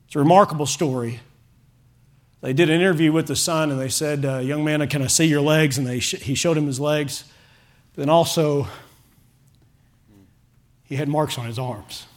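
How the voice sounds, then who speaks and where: A man preaching a sermon to his congregation as pastor, fervent and rising to loud pleading calls. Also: a little high, steady tone, normal speed, long pauses. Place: church sanctuary with a congregation.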